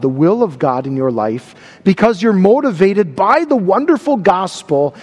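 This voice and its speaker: A man's voice: on the high side, a little mellow, long reverb tail. A man preaching a sermon, stressing and repeating key words. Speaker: pastor.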